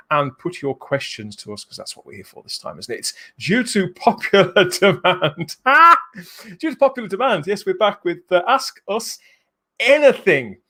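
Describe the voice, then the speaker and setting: A man hosts a live stream in a very animated voice that swings up and down. He is excitable and jokey and laughs often. His pitch sits a little high. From England. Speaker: livestream host. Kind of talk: casual live show chat.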